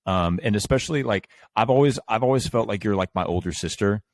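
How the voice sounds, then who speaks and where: A man's voice: fairly low pitch, fast, dry recording. A young man hosting a podcast, telling stories casually with laughs and self-mocking humor. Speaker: podcast host.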